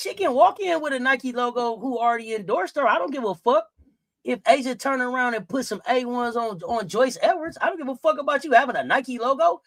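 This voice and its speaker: Her voice is high-pitched and expressive, moving fairly quickly, with no echo in the recording. As host of a sports talk stream, this woman rants heatedly and profanely to her viewers, repeating herself a lot and addressing them directly and frequently in a live-chat sports rant.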